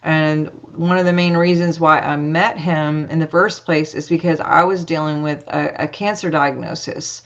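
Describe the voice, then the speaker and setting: A woman's voice: sits low, fairly even intonation, normal speed, few pauses, highs cut off. A woman telling a personal story as a podcast guest, chatty, acting out dialogue with lots of fillers.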